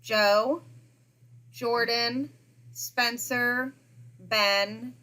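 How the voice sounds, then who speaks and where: Recapping a show on a chatty podcast she co-hosts, a woman in her thirties laughs often and says "like" a lot. She speaks extremely slowly in a slightly high, steady voice that sounds pushed and bright.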